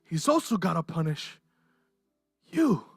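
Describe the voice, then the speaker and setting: An emotional pastor delivers a sermon, with the voice swinging widely in pitch. The delivery climbs to impassioned peaks and then falls to near-whispers. The sound is dry and close. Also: big pitch swings, a little slow, breathy edge, dry recording, soft background music. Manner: impassioned, swings from raised intensity to hushed softness. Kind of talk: livestreamed sermon. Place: church.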